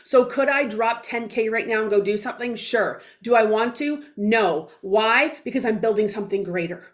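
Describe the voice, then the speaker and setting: A business coach in her forties appears as a guest in a casual interview, speaking bluntly and emphatically with mild swearing and small acted-out dialogues in her stories. Her voice is on the high side, at a moderate pace.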